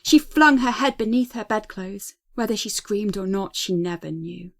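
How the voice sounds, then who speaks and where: A woman narrating a ghost story, reading in a dramatic, tense way that drops to a hush at times. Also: mid-range voice.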